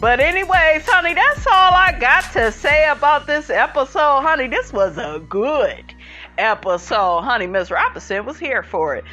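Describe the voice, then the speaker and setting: A woman recapping a reality show episode in a sassy, animated way, calling everyone "honey". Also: sits high, normal speed, faint music behind.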